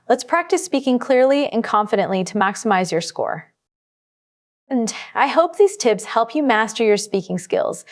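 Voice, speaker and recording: A woman gives a scripted English test-prep lesson. Her voice is mid-pitched and even. She speaks in a clear, measured, instructive way.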